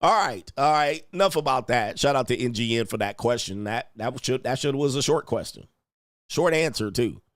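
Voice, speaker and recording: Male streamer, mocking and animated, mid voice, dry room. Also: medium pitch, moderate pace, no echo. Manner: animated, mocking impressions of others. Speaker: livestream host. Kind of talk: casual livestream commentary.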